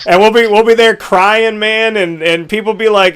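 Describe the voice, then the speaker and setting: A young man hosting a casual interview, telling stories in an animated, emotional way. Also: sits high, normal speed, clean tone. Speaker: podcast host.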